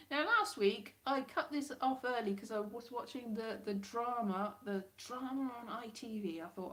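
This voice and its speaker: A woman hosting a casual livestream from home, rambling, chatty and quick to laugh at herself. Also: fairly high pitch, a bit bright. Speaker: livestream host.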